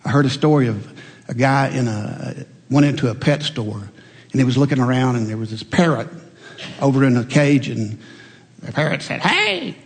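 A middle-aged male preacher giving a folksy, animated sermon full of stories. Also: mid-range voice, moderate pace, long reverb tail.

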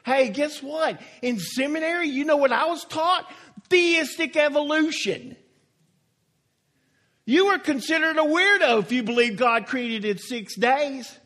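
A pastor preaches in a folksy, emphatic way, leaning hard on single words and drawing them out. His voice sits high for a man, and he takes his time, letting each point land slowly. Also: pushed and bright. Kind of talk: sermon.

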